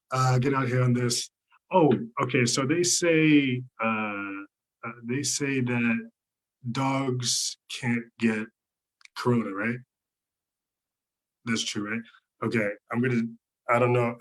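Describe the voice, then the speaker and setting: A man's voice: medium pitch, a bit bright, rough recording. Male stand-up comic, mid-range voice, rambling filler-heavy delivery, video call. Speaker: stand-up comedian. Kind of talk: stand-up set over a live stream.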